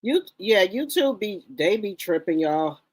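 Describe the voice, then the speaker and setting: A woman's voice: medium pitch, very animated, unhurried, a little mellow, slightly rough. A woman hosting a casual livestream, greeting viewers by name in an informal, repetitive, chatty way, with features. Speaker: livestream host.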